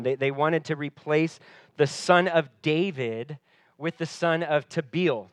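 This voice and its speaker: Dry-sounding expressive male preacher. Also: on the high side, measured pace, dry recording. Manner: expressive, drops to soft voice for quoted lines. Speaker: pastor. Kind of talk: sermon.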